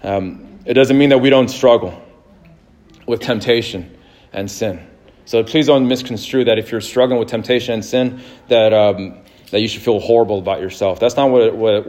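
A slightly mellow, mid-range voice comes from a pastor in his thirties. His sermon feels like conversation: he shares stories, laughs readily, and often starts sentences over.

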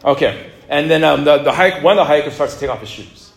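A man preaching a sermon in a relaxed, conversational way, with jokes and asides to the congregation. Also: a little high, fast talker, gravelly. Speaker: pastor. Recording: echoey room.

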